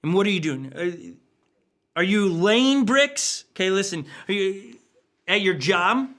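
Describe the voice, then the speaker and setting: Lively, bright-voiced preaching man. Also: high voice, measured pace. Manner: lively, jokey, often acting out quoted voices. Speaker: pastor. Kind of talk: sermon. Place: church stage.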